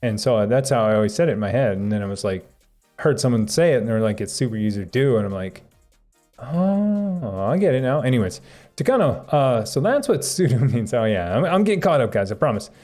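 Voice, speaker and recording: A man's voice: lowish voice, animated, quick pace, darkish tone, faint music behind. A man chatting casually on a tech live stream, rambling and chuckling as he reads viewer comments aloud.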